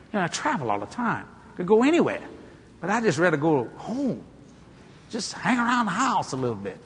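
A male preacher telling stories in a folksy, animated way, building to exclamations before a congregation. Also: sits high, a little fast, slight background noise. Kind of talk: storytelling sermon. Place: church hall or auditorium. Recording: echoey hall with a congregation.

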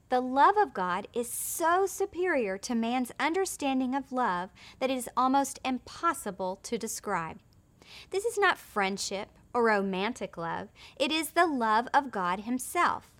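A woman presenting a scripted Bible study lesson in a clear, measured, gently emphatic way. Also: sits high. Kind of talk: scripted teaching narration.

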